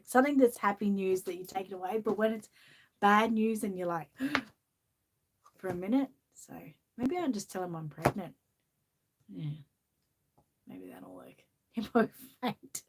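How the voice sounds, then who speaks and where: A woman's voice: mid-range voice, a little hiss or hum. A woman with an Australian accent, chatting casually with lots of laughter and reading a children's picture book aloud. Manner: giggly, chatty, often laughing. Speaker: channel host. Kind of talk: casual chat and storybook reading.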